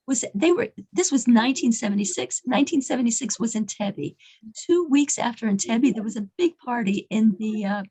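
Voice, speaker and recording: A fairly high-voiced woman tells a faith story in an earnest, halting way, often circling back over her own words. Her voice has a gravelly fry and a husky, breathy grain. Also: a little mellow, rough recording. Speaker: religious storyteller. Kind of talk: informal faith talk with storytelling.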